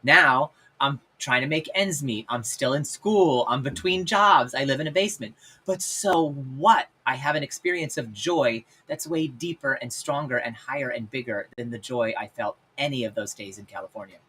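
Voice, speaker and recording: A man hosting his own show, telling personal stories in a casual, candid way with lots of fillers, swinging between loud and hushed. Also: mid-range voice, moderate pace, husky, low-quality recording. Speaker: podcast host and life coach. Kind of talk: personal storytelling monologue.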